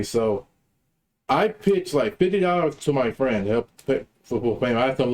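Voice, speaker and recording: Man caller, mid-pitch, ranting through a story with lots of swearing and repeats. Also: moderate pace, a little mellow. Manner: profane, repetitive, worked up. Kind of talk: casual storytelling rant.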